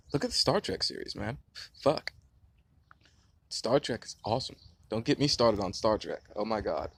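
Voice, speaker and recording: A man in his late twenties giving a passionate, profane, rambling movie review outdoors. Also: on the low side. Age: late 20s. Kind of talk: casual rant-style review. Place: outdoors near a beehive.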